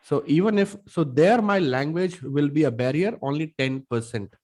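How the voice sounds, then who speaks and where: A man from Punjab with a Punjabi accent, mentoring students on public speaking in an emphatic, rapid-fire way with rhetorical questions. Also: on the high side, a little mellow. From Punjab, India. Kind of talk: mentoring session.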